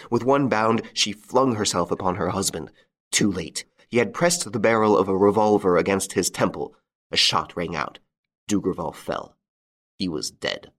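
A man narrating a classic crime story aloud in an expressive, dramatic way. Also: low-pitched, moderate pace. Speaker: audiobook reader.

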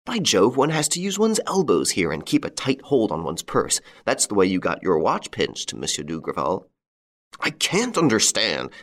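A man reading aloud voices a brisk, talkative swindler posing as a police inspector. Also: fairly low pitch, wildly swooping pitch, fairly bright tone, exaggerated voice. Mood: chatty. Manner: brisk, bluff, chatty.

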